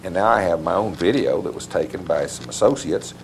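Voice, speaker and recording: A man with a very deep, gravelly voice gives long, winding interview answers. He pauses often to restart his sentences. Faint hiss sits under the recording. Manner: meandering, with many uh fillers and restarts. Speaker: author and interview guest. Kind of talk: rambling conversational interview answers.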